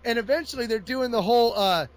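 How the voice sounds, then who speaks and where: A man's voice: very high voice, quick pace, background noise. A man in casual chat, retelling a comic book plot with lots of laughter and put-on voices. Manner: animated storyteller, laughs often.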